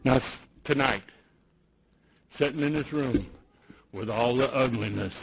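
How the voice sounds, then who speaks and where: A man giving a personal storytelling speech at a recovery meeting, dropping to near-whispers and then building loud. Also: mid-range voice, breathy edge, rough recording. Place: meeting room with audience.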